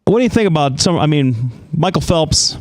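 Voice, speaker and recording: Halting man hosting a talk show. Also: a little high, expressive, no room sound. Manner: halting, many fillers. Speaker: co-host. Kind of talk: casual political chat.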